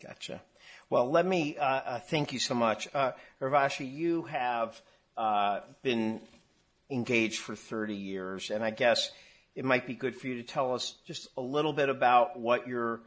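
A man moderating a conference panel, asking long, halting questions full of restarts. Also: medium pitch, fairly even intonation, a bit bright. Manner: halting, many fillers and restarts.

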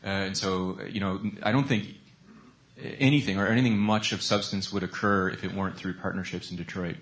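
Very deep-voiced halting male panelist. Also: fairly even intonation, a bit bright. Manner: halting, many fillers and restarts. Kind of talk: panel discussion answer.

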